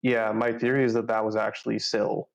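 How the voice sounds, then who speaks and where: A man's voice: lowish voice, flat delivery, fairly quick, creaky, muffled recording. A man in a casual book club discussion, thoughtfully and tentatively sharing his theories.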